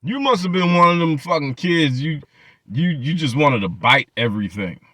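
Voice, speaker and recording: A man delivering mocking, profane reaction commentary with a bright, sharp voice that swings widely in pitch. He repeats his jabs again and again, and the recording is dry and close, with no room sound. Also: lively intonation, normal speed, no echo. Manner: mocking, profane rants with many repetitions. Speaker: channel host.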